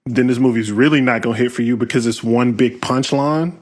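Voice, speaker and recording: A man hosting a casual film discussion podcast, talking thoughtfully with many pauses and fillers. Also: medium pitch, steady tone. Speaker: podcast host.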